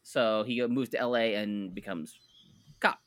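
Bright-voiced, rambling podcast co-host man. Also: fairly low pitch, measured pace. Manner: rambling, self-correcting, enthusiastic recommendations. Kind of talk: casual chat.

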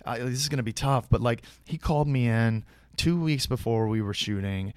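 A man's voice: medium pitch, moderate pace, darkish tone, smooth, no echo, studio quality. A man, an actor guest, casually telling a long anecdote with frequent restarts and acted-out quoted dialogue. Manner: rambling, many restarts, acts out quoted dialogue.

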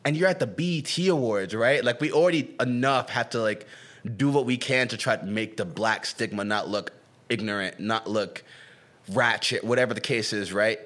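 Slangy, animated young man chatting. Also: mid-range voice, normal speed. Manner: animated, slangy, acts out quotes. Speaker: podcast co-host. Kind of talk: casual comedic chat. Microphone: camera-facing home recording.

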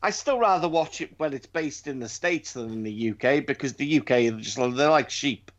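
A man on a podcast ranting bluntly with plenty of swearing. His voice sits at an ordinary pitch. The sound is a touch dull and lo-fi. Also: animated, normal speed, crowd noise. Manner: profane, ranting. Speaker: podcast co-host. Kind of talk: casual chat.

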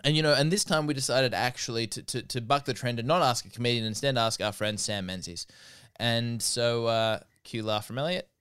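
A man co-hosts a loose comedy podcast and laughs easily between jokes. His voice is clear and smooth at a middle pitch, and he often stumbles and restarts his sentences. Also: fairly quick, fairly bright tone. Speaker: podcast co-host. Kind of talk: casual comedy chat.

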